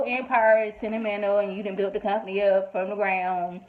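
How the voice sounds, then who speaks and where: Brisk and mid-pitched, this TV reviewer rattles through a casual episode recap with few pauses. She's chatty and emphatic, slipping in quoted asides, all captured on tinny, phone-sounding audio.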